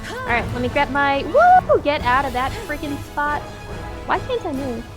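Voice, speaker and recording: A woman streaming an online game, chatting casually with friends, excitable and quick to laugh and whoop. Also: high-pitched. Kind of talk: casual gaming chat with friends. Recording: game music behind the voice.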